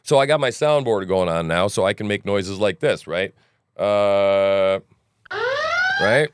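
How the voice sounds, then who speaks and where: Low-voiced man rambling through commentary. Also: expressive, normal speed, clean tone, no room sound, studio quality. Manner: rambling, frequent "right?" asides, joking. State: morning voice. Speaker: news commentary podcast host. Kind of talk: casual livestream commentary.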